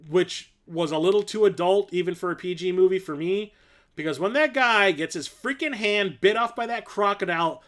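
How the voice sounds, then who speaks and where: A man's voice: on the high side, fairly bright tone. A man in his forties hosting a casual livestream, rambling and enthusiastic, full of fillers like "um" and "like". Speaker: host.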